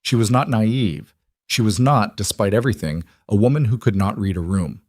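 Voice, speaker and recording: Male audiobook narrator, low and steady, dry studio sound. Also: moderate pace, no room sound.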